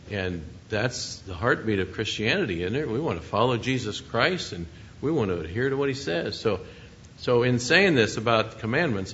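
A man's voice: lowish voice, fairly bright tone, highs cut off, slight background noise. A man preaching a sermon in an earnest, conversational way, often asking his listeners questions.

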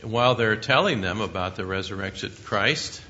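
A man's voice: moderate pace, bright, forceful tone. A man preaching a sermon, paraphrasing scripture in a conversational teaching manner with asides to listeners. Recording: dull lo-fi sound with faint rumble.

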